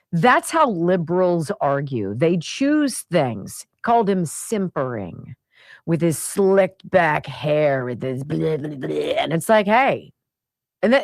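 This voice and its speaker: A woman hosting a talk radio show, delivering an indignant, animated opinion monologue into a studio microphone. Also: low voice, no room sound.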